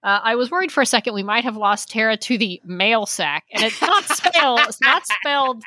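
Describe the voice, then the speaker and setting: A woman's voice: on the high side, animated, a little fast, bright, forceful tone, no echo. A woman co-hosting a podcast who reads listener mail aloud with playful asides. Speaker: podcast co-host. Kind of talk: casual chat, reading listener mail.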